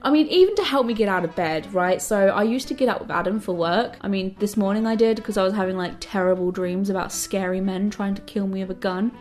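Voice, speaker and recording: A woman's voice: medium pitch, a little mellow. Bubbly young woman vlogging. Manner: bubbly and self-mocking, talks to the universe. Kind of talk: chatty get-ready-with-me vlog. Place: home, indoors. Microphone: camera mic.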